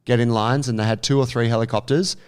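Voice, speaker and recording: A man, co-hosting a casual chat and telling an animated, sweary story. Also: mid-range voice, fast, clear, resonant tone. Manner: animated storyteller, swears freely, acts out quotes. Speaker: podcast co-host.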